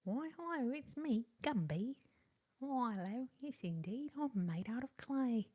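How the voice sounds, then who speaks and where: A cheerful little clay toy man with a put-on British accent chirps his hellos in a high, breathy voice, as a woman puts him on. It is whispered role-play, slow and soft, with a mellow tone under the brightness. He sounds pleased with himself. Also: lively intonation. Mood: chirpy.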